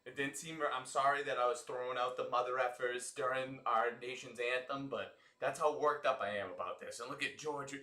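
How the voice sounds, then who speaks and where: An American man hosts a live football watch-along, rambling and swearing in an excitable flow. His voice sits mid-range. The room around him is echoey. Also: mid-range voice, fairly quick, few pauses. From United States. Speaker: host of an alternate sports broadcast.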